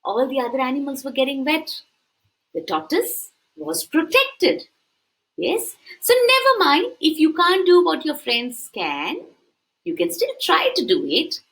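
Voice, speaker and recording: A woman's voice: high voice, a little slow, creaky, low-quality recording. A woman preschool teacher reading a picture book aloud to young children, often asking them questions. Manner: animated, asks the children questions.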